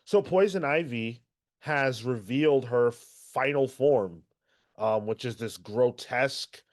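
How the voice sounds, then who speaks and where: A man's voice: mid-range voice, slow pace, dry recording, studio quality. A man hosting a casual comics podcast, talking energetically and loosely about the week's books. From Irish heritage. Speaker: podcast host.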